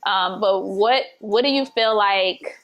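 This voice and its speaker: A woman's voice: medium pitch, slow, a bit bright. Reflective woman host, casual chat. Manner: reflective, searching, many fillers. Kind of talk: casual conversation.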